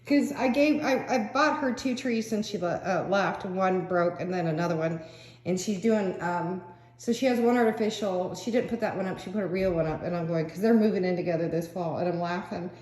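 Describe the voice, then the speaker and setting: An older woman crafter vlogging in a rambling, casual way, chatty and quick to laugh, with fillers between thoughts. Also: mid-range voice, a little mellow. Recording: roomy echo.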